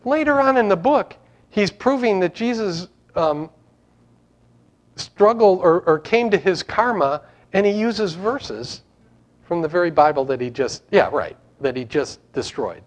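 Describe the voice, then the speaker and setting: A man's voice: high-pitched, lively intonation, measured pace. A man preaching an informal sermon to his congregation, rambling and conversational with frequent restarts. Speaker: pastor.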